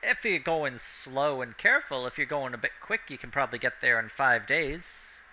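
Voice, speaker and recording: A man's voice: mid-range voice, animated, normal speed, sharp tone, a little hiss or hum, rough recording. A man voicing a rustic male town watchman who farms in summer, talking in a folksy, plain-spoken way.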